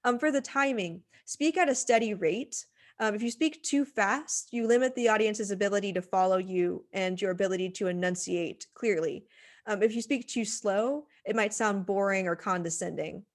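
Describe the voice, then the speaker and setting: A woman at a middle pitch teaches a lesson on presenting, speaking into a computer microphone. Her delivery is chatty and informal, full of "um"s and restarts as she explains each point. She sounds like an instructor talking to a class. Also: moderate pace. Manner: conversational, many "um" fillers and restarts. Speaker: writing center instructor. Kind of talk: recorded lecture on presentation skills.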